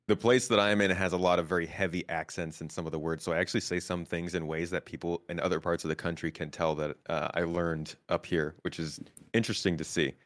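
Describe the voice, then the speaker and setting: A man's voice: extremely low pitch, a bit bright. A man from the United States on a panel, talking in a laid-back way and laughing often. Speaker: guest content creator. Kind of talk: casual panel chat.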